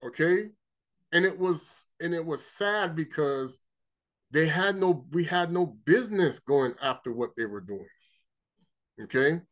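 A man with a somewhat high voice delivers a loose spiritual teaching monologue. He is emphatic and rambling, circling back over his points and repeating words. Now and then he stops to read scripture aloud. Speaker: religious teacher.

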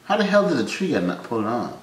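A man hosting a reaction video in casual commentary, breaking into loud startled exclamations and laughter between wry remarks. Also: mid-range voice, big pitch swings, quick pace. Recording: roomy echo with faint ambience.

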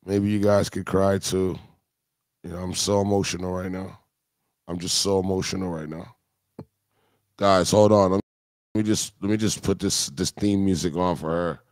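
A man's voice: deep voice, fairly even intonation, normal speed, long pauses, no room sound, studio quality. A man hosting a live-streamed music review, talking in crude, mocking, joking banter. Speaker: host.

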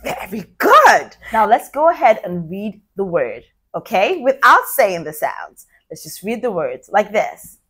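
A woman teaching a children's phonics lesson, sounding out letters slowly and praising young learners cheerfully. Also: medium pitch, big pitch swings, fairly bright tone, husky. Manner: slow, drawn-out letter sounds.

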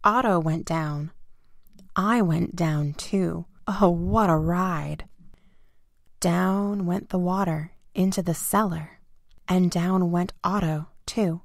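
A woman reading a children's picture book aloud, gentle and expressive. She speaks slowly with a fairly low voice for a woman. The sound is close and dry. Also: no echo. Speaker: storybook reader. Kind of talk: children's story read-aloud.

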